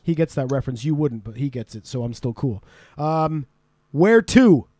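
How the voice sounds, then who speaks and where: High-voiced man hosting a podcast quiz. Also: lively intonation, moderate pace, darkish tone, no echo. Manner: laughing, swearing, teasing quiz-giver. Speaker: podcast host. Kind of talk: casual podcast chat. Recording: remote podcast call.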